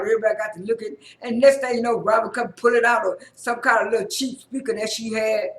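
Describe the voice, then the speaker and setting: A woman's voice: fairly high pitch, steady tone, quick pace, hardly any pauses. Woman rambling through a tv recap, lots of repeats and restarts, kinda echoey room. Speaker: TV episode recapper. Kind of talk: casual spoken recap. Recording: roomy echo.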